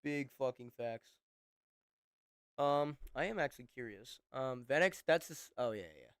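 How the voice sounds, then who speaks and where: A man's voice: mid-range voice, expressive, moderate pace, a bit bright, clear, resonant tone, no echo, clean studio sound. A young man streaming, chatting casually and profanely, rambling and laughing often.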